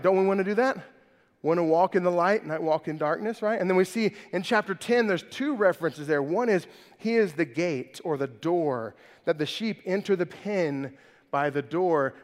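A male pastor delivers an emphatic sermon, often checking in with the congregation through quick rhetorical questions. His voice sits notably high for a man. The sound carries the long reverb of a large hall.

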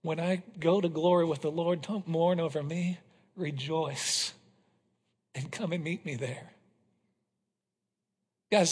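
A male pastor preaching a passionate sermon to his congregation, swinging from loud declarations to hushed, intense moments. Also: fairly high pitch, husky. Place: church hall. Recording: reverberant hall.

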